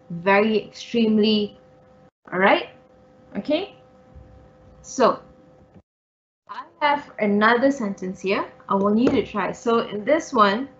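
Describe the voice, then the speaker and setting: A woman's voice: medium pitch, lo-fi sound. A woman teacher giving an online English writing revision lesson, explaining each point patiently and step by step with many okays and all rights. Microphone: online class audio.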